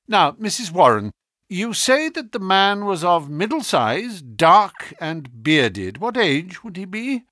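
A man voicing Sherlock Holmes, a keen and sharp-minded detective who speaks in a measured, probing and lecturing way, in an audiobook reading. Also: sits high, sing-song, no echo, studio quality, voice pushed up, exaggerated voice.

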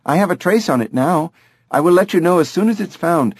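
A man's voice: high voice, lively intonation, a little fast, breathy edge, dry recording, clean studio sound, voice pushed up, exaggerated voice. A man reading an audiobook, voicing a polite, efficient woman clerk at a hospital. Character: brisk young female hospital clerk.

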